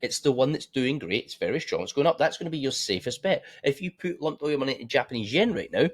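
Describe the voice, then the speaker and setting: A man talks a trading audience through charts at his desk, blunt and loose with the swearing. His voice sits at an ordinary middle pitch for a man, and his casual delivery keeps throwing "right?" at the listener. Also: animated, fast talker. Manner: blunt, swears freely, talks straight to viewers with frequent "right?". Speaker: forex trading educator. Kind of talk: casual screen-share market analysis.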